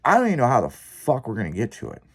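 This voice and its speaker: A man's voice: medium pitch, wildly swooping pitch, racing, slightly rough. Profane rambling man telling a story. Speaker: podcast host. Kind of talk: casual storytelling chat.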